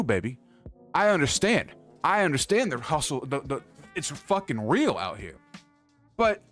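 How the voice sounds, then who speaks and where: A man on a livestream, fired up and cursing through a rant, his voice lifting a little higher than most men's. His pitch swings widely as he gets heated, repeating himself mid-sentence. Faint music plays underneath. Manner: swears constantly, animated, repeats himself when heated. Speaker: streamer ranting about card prices. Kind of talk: profane heated rant to stream chat. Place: indoor streaming setup.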